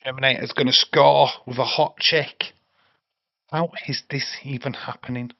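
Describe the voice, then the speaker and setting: A man's voice: medium pitch, steady tone, normal speed, creaky, no room sound, highs cut off. An English man hosting a casual movie watch-along stream, chatting with viewers and swearing freely. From England. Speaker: livestream host.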